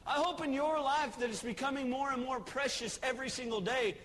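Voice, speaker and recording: A man's voice: very high voice, moderate pace, few pauses, fairly bright tone, big-room sound, slight background noise, low-quality recording. A man preaching a sermon with passion, stammering and repeating words as he builds his points. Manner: impassioned, repeats words, voices characters in a Bible story. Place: church.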